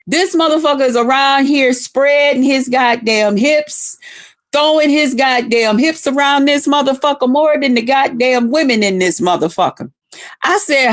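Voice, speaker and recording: A woman livestreamer chatting casually with her viewers, telling rowdy stories full of cursing and greeting people by name. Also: sits high. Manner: profane, rowdy storytelling with heavy cursing; talks straight to viewers, greeting them by name. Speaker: livestreamer talking to her chat. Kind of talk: casual live chat.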